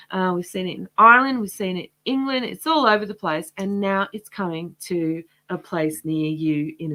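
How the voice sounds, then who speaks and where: A woman hosting a livestream, speaking casually and passionately in a rambling way, her voice going hoarse. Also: mid-range voice, a bit bright. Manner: impassioned, rambling. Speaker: host of a livestream.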